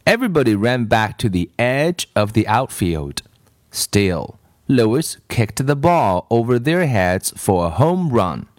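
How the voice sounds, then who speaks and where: A man reading a children's storybook aloud with expressive narration. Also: mid-range voice, no echo, clean studio sound.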